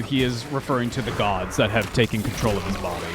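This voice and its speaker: Animated man streaming a game. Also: mid-range voice, fairly quick, few pauses, over music. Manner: rambling, animated, swearing. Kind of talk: casual gaming stream commentary.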